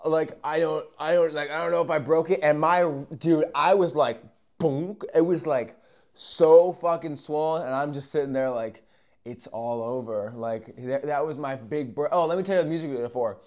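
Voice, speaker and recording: A young man telling a story in a casual, profane, animated way, with sudden loud bursts and quiet asides. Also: a little high, normal speed. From Arizona. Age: young adult.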